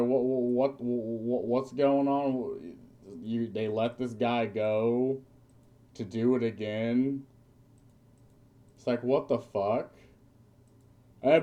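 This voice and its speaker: Man streamer, slow deliberate delivery, mellow low tone, blunt profane ranter. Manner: blunt and profane, with mocking put-on quotes. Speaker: streamer reacting to a video. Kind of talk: ranting commentary.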